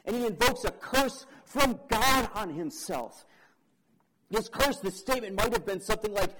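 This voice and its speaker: A young man preaching a sermon, dramatic, asking the audience questions and swinging between loud emphasis and quiet. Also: sits high, lively intonation, normal speed, background noise.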